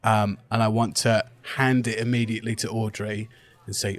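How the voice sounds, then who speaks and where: A man's voice: fairly low pitch, little pitch movement, moderate pace. A man playing a tabletop game, bluntly bossing others around in a brash, sweary way. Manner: brash, blunt and sweary, laughing between lines. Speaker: player. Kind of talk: in-character tabletop play.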